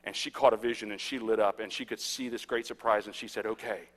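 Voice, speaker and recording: A man in his thirties, a pastor preaching a sermon and telling stories, swinging from hushed to loud. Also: lowish voice, steady tone, fast. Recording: echoey hall.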